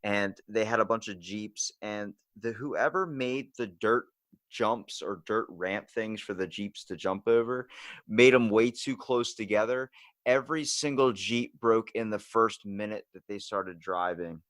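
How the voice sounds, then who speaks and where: A young man hosting a casual podcast, with a fairly low voice and a dry, close sound. He tells his stories loudly and with animation, swearing freely. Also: unhurried, dry recording. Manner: animated, swearing storyteller who does voices. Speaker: podcast host.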